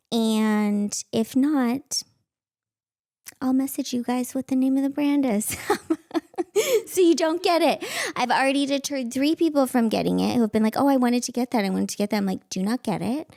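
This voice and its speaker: Animated woman, gravelly edge. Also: fairly high pitch, no echo, studio quality. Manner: animated, acts out voices, laughs often. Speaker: podcast host and stand-up comic. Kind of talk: casual comedic storytelling.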